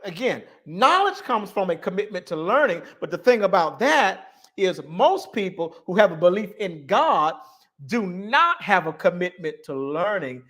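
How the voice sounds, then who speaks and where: A man delivers a live-stream monologue with the cadence of a sermon. His voice sits fairly high and swings widely in pitch, repeating lines for emphasis and dropping to near-silence at the ends of phrases. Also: big pitch swings, moderate pace, a bit bright. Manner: preaching cadence, stressing words, repeating lines. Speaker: online talk host.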